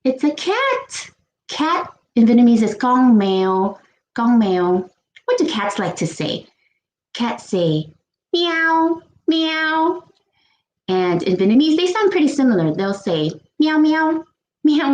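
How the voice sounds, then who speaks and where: A woman children's librarian leading a bilingual storytime, slow and playful, with gasps and animal sounds. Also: medium pitch, very animated, a little mellow, reverberant, low-quality recording.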